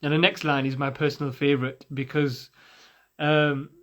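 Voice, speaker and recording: A man teaching Quran recitation, patiently breaking words into sounds and repeating them slowly for listeners to copy. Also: on the high side, flat delivery, fairly bright tone. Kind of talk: tajweed lesson with slow demonstrations.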